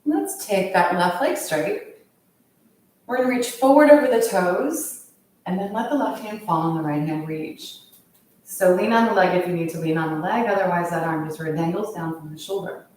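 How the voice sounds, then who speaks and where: A woman leading a yoga class, calmly cueing each pose in time with the breath. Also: lowish voice, normal speed. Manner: calm, steady cueing of poses with the breath. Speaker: yoga instructor. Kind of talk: guided yoga class instruction. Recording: very echoey room, voice from far off.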